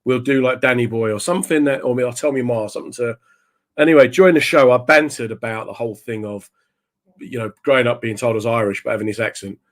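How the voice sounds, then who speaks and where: Man telling comic stories, lively. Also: medium pitch, fast talker. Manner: animated, slips into voices of the people in his stories. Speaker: stand-up comedian guest.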